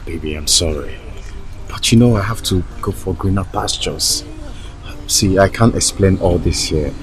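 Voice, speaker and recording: Deep-voiced remorseful lover, soft and pleading from an actor. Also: male voice, moderate pace, faint music behind, natural voice. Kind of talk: Nollywood film acting.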